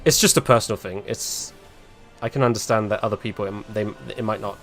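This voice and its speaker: A man's voice: on the low side, brisk, a bit bright, faint music behind. A man commentating casually while live-streaming a game, chatty and rambling, laughing often and grumbling about the fight.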